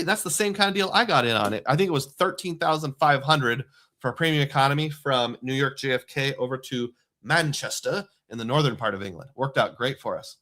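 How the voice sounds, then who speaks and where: A middle-aged man talks casually on a live stream at a mid-range pitch. He chats easily, reads out comments from viewers, and sprinkles in fillers as he goes. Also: bright, forceful tone. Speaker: livestream host.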